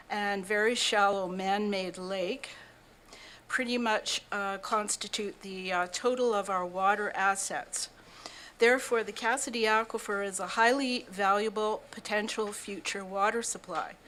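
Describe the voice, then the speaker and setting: An older woman speaks as a delegate at a council meeting, reading her statement in an earnest, slightly breathless way. Her pitch is middling for a woman. A faint room hum sits behind her voice. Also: fairly bright tone, low-quality recording. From Canada. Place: council chamber.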